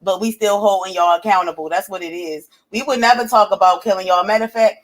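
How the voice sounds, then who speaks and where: A woman co-hosts a live stream, her medium-pitched voice moving fast through casual chat. She's blunt and animated, with free swearing and lots of laughter.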